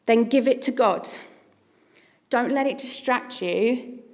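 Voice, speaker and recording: A woman's voice: on the high side, slow, in a large hall. A woman giving an earnest, conversational sermon as a preacher.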